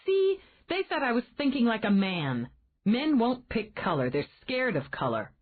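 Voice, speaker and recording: A woman voicing an outspoken, flustered young woman who talks in quick, exclamatory bursts. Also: on the high side, pitched above the performer's own voice. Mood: animated. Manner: exclamatory, animated. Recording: tinny phone-like band.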